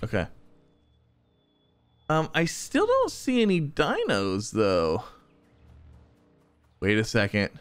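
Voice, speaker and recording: A young man giving excitable let's-play commentary, chuckling and talking to the enemies he fights. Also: mid-range voice, slow pace, long pauses, soft background music. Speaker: gaming YouTuber.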